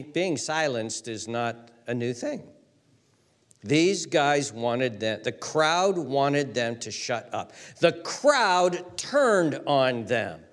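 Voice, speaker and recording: A male pastor preaching a dramatic sermon, swinging between loud shouts and hushed whispers, in a church hall. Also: fairly high pitch. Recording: long hall reverb.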